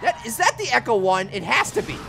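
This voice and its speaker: A young man with a high, springy voice gives goofy commentary over a video game, yelling and laughing as he plays. His pitch leaps all over the place. Loud game music and engine noise play behind him. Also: big pitch swings, a little fast, creaky. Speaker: gaming channel host. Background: video game music and vehicle sounds.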